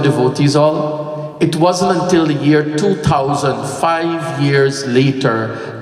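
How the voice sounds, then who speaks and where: A man giving a devotional discourse, telling stories and breaking into chanted verses. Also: mid-range voice. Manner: storytelling, breaks into sung Sanskrit verses. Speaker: pandit reciting scripture. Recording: echoey hall, voice from far off, faint music.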